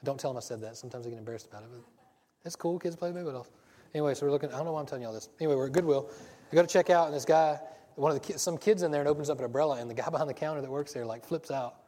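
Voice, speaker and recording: A man's voice: a little high, rapid-fire, dark tone. A man preaching a casual sermon, rambling and breaking into stories, often restarting his sentences. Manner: rambling, self-interrupting storyteller. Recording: long hall reverb.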